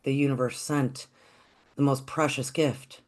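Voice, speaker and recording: A storyteller telling a folktale in a gentle, reflective, unhurried way. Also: mid-range voice, level tone.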